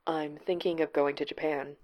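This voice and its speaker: A woman's voice: low voice, flat delivery, normal speed, highs cut off, close to an everyday voice. A woman reading aloud, voicing a fragile, diffident young man who speaks in a subdued way.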